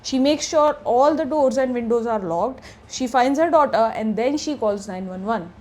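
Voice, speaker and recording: A woman's voice: a little high, lively intonation, moderate pace, darkish tone. A woman retelling a true crime story in a casual, chatty way, slipping into present tense and fillers.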